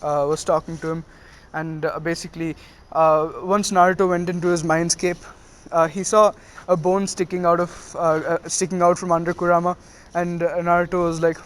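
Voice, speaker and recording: A man casually retelling a fan story, halting with many fillers and restarts. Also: fairly high pitch, level tone, clear, resonant tone.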